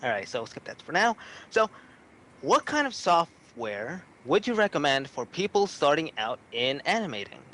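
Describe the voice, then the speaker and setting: A man hosting a casual livestream interview, asking questions with upbeat, quick reactions. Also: fairly high pitch, very animated, pushed and bright.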